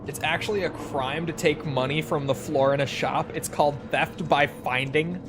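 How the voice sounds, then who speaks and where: A man's voice: a little high, steady tone, normal speed, music in the background. A man giving casual gameplay commentary, chatty and joking as he thinks aloud. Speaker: gaming video creator.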